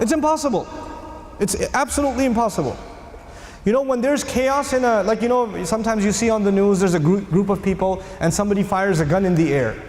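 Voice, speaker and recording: Man, religious lecture, animated, questions to audience, high voice, roomy hall. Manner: animated, asks the audience questions, acts out quotes.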